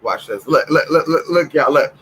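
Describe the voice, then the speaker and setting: A man's voice: fairly high pitch, lively intonation, normal speed, fairly bright tone, slight background noise, rough recording. A man chatting casually in a home vlog, sassy and profane, talking to viewers and calling his dogs. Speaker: vlogger.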